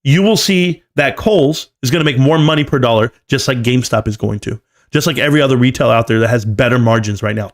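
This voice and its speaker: A man giving live stream market commentary, emphatic and lecturing, often repeating key numbers. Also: mid-range voice. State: coughing, choked up.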